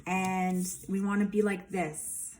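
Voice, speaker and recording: A woman's voice: medium pitch, little pitch movement, takes it slowly, a little mellow. A woman giving a casual tarot reading, emphatic and rambling, with lots of fillers. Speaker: tarot reader.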